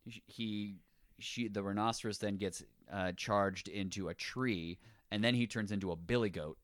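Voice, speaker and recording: A man's voice: on the low side, steady tone, moderate pace, no room sound. A man in casual, enthusiastic conversation about a film, rambling and restarting his sentences as ideas pile up.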